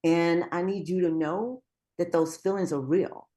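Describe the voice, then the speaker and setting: Low-voiced encouraging woman speaker. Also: fairly even intonation, unhurried, mellow. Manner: encouraging, earnest. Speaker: guest speaker. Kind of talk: motivational talk.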